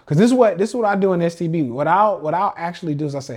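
A trading coach who hosts a podcast rants casually on a livestream, using slang, stressing his points and often repeating himself. His voice is slightly high and a little mellow, and he talks fast.

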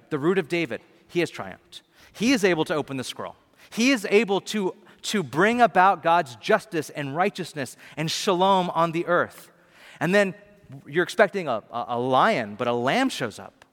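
Casual preacher man in a reverberant hall. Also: sits high. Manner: casual preacher, animated, slangy asides. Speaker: pastor. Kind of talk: sermon. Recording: long reverb of a large hall.

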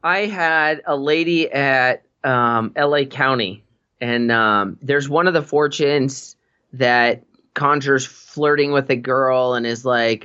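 A man's voice: medium pitch, takes it slowly, bright, forceful tone, clear, resonant tone, highs cut off. A man in casual chat, an easygoing storyteller who laughs often.

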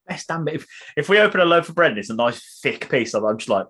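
A man's voice: a little high, very animated, fast, sharp tone, husky. A man co-hosting a podcast in casual chat, playful and teasing, often laughing. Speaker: podcast co-host.

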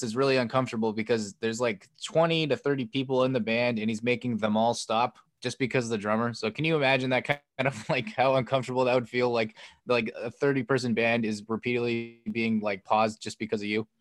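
A man's voice: mid-range voice, fairly even intonation, quick pace, few pauses, no room sound. A man co-hosting a podcast, casually recounting a story in a loose, rambling way full of "like" and "um". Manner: loose and rambling, heavy use of "like" and "um"; acts out quoted lines with a lifted voice. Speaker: podcast co-host. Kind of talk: casual chat recounting a film plot.

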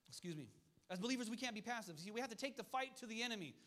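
A man's voice: very high voice, lively intonation, fast talker, fairly bright tone. A male pastor preaching a fiery sermon, repeating his points and calling out to the congregation. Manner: fiery, repetitive preaching with call-and-response asides.

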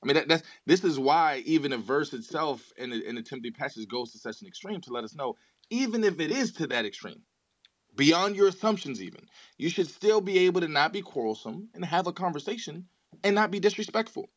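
A man's voice: on the high side, lively intonation, brisk, dry recording. A man making an earnest case in an online audio chat room, often repeating words as he starts a thought. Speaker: debate participant. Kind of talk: earnest theological debate.

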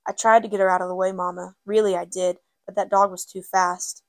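A woman's voice: medium pitch, little pitch movement, brisk, no room sound, natural voice. A woman reading the part of an earnest, angry young girl in an audiobook. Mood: upset.

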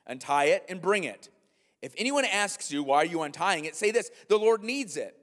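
Male pastor, animated sermon delivery, higher voice, church hall echo. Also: moderate pace. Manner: animated, acts out a comic scene in a loud high voice.

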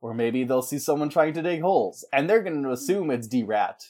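A man chats casually while he pitches a story. His pitch sits in the middle range. He rambles and jokes, and he often breaks off into silly character voices. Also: animated, a little mellow. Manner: rambling, jokey, quick to slip into voices. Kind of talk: casual chat.

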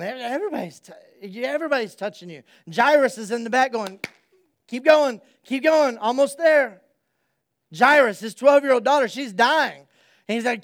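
Male pastor preaching a sermon, high clear voice, hushed stretches rising to loud, excited passages.

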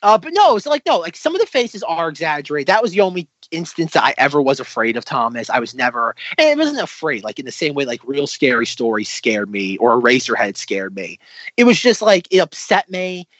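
A man's voice: a little high, very animated, brisk, a bit bright, no echo. A man co-hosting a podcast in casual chat, rambling with lots of restarts. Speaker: podcast co-host. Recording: slightly dull, lo-fi recording.

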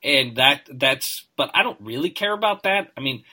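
A man's voice: mid-range voice, animated, normal speed, sharp tone. A man with a nasal voice co-hosting a sports podcast, analytical and hedging, often tagging "right?". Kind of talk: casual chat.

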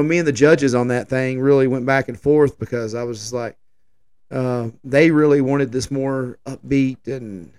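A man's voice: medium pitch, a little mellow, clean tone. A man, hosting a podcast and telling a long, rambling story in a casual, folksy way, full of fillers and restarts. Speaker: podcast host and festival organizer.

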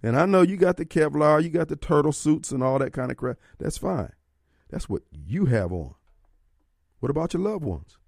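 A man's voice: fairly high pitch, sing-song, moderate pace, vocal fry, a little mellow, no room sound, studio quality. Fiery talk radio host, man. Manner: preachy, fiery, rhetorical questions. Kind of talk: opinionated talk radio monologue. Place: radio studio. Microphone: studio microphone.

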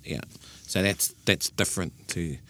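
In an unhurried, low-pitched voice with a sharp tone, a New Zealand-accented man hosts casual radio and patiently explains Māori language. His explanations are full of restarts and fillers.

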